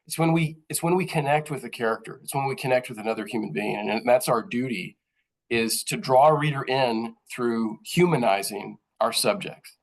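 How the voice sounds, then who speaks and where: A man's voice: medium pitch, moderate pace, poor audio. Man, journalist presenting, earnest and thoughtful, mid-range voice, lots of restarts. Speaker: journalist speaking at a training session.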